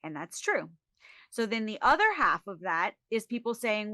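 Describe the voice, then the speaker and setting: A woman, a social media expert guest on a podcast, talking in a lively, emphatic, joking way. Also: medium pitch, a little slow, dry recording. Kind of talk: casual interview chat.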